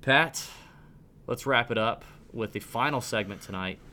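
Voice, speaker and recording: Podcast host, man in his 30s, average pitch, fired-up rant, trips over his words. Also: unhurried, a little hiss or hum. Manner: animated ranting, stumbling restarts. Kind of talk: casual podcast chat.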